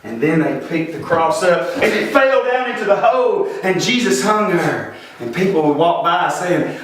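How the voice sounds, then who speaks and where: A man's voice: high voice, animated, normal speed, a little hiss or hum. A man retelling a Bible account for a church children's program, in a simple, earnest way. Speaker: church children's ministry presenter. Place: church room. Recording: echoey room, voice from far off.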